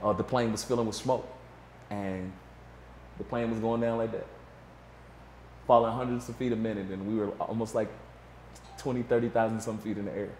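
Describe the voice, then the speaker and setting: A man's voice: on the low side, normal speed, pauses often, echoey room, slight background noise. A man guest in a casual interview, telling a story and acting out what others said. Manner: animated storyteller, acts out quotes.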